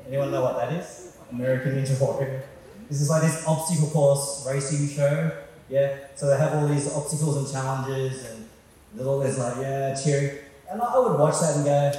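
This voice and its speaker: A man with a medium-pitched, dark-toned voice preaches a sermon in a church hall, speaking conversationally and posing questions to the congregation. He's recorded from a distance in an echoey hall.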